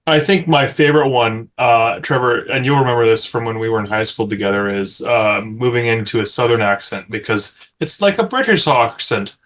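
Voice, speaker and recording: A man running a tabletop game as game master, in relaxed, joking table chat that now and then turns profane. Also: medium pitch, normal speed, hardly any pauses.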